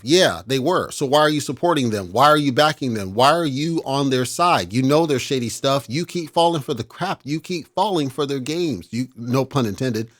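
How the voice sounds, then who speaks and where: A man hosting a casual talk show, giving blunt, exasperated opinions in a lecturing rant. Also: a little high.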